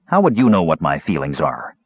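A man's voice: rumbling low, huge pitch swings, fairly quick, breathy edge, dry recording, phone-quality sound, pitched below the performer's own voice, full character voice. A man voicing a big, simple-hearted young male warrior in an audiobook, plain and earnest, a bit defensive. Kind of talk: audiobook character voice.

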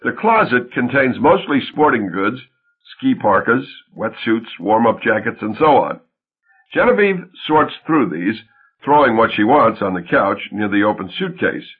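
A man reads an audiobook in a husky voice, his pitch moving freely through each line. The sound is thin and tinny, like a phone line. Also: sing-song, measured pace. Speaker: audiobook narrator. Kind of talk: audiobook narration.

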